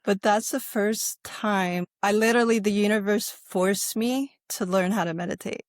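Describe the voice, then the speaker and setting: A middle-aged American woman tells her own story as a podcast guest, lively and chatty, slipping into brighter voices when she quotes people. Her pitch sits in the middle range, and the recording is close and dry with no room echo. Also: moderate pace. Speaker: podcast guest, yoga instructor. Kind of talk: casual storytelling interview.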